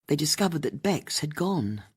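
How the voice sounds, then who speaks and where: Husky, expressive audiobook narrator. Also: mid-range voice, moderate pace. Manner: expressive, storytelling.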